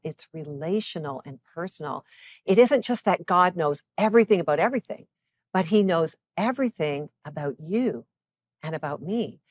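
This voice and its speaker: A woman in her fifties, a psychologist and author, reading a scripted devotional. She speaks earnestly to the listener and slows down to give scripture passages deliberate weight. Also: medium pitch, no room sound. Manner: earnest, encouraging address to the listener.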